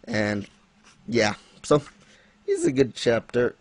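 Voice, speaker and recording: A man's voice: medium pitch, huge pitch swings, takes it slowly, dry recording. A man hosting a casual manga chat, rambling with fillers and light laughs. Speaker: podcast host.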